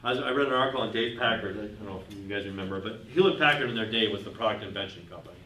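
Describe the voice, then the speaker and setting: This business speaker runs a workshop, telling anecdotes and throwing questions out to the audience. He has a lowish voice with a sharp tone and races through his words. The recording is roomy and distant from the mic, with faint noise.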